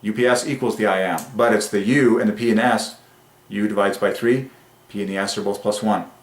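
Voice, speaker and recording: A man hosting a religious numerology channel, speaking in an excited monologue that swings between rapturous bursts and quiet musing. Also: fairly low pitch, brisk, roomy sound.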